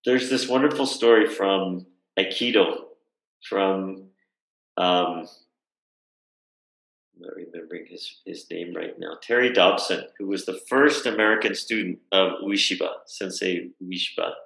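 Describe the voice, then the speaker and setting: Man, guest on a video call, reflective storytelling, crisp bright tone, roomy echo. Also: low-pitched, a little slow. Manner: thoughtful, with frequent fillers and rhetorical "right?". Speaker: guest speaker.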